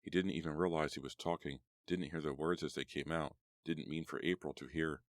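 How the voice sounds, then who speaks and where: A man narrating a horror audiobook in a measured, steady way. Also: extremely low pitch, no room sound, clean studio sound.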